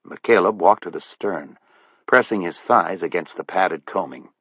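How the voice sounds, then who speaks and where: Low-voiced male audiobook narrator. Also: measured pace, fairly bright tone, husky, no room sound. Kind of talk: scripted narration. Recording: dull lo-fi dry audiobook recording.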